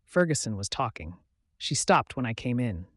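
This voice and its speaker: A man reading a novel aloud as an audiobook narrator in a steady, measured way. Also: mid-range voice, husky, no room sound, studio quality.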